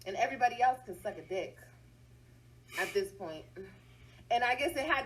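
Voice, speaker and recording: A woman on a casual livestream, talking right to her viewers in a blunt, heavily profane way. Her voice sits a bit high, and a faint hum runs underneath. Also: expressive, normal speed, a bit bright, poor audio. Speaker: livestream host.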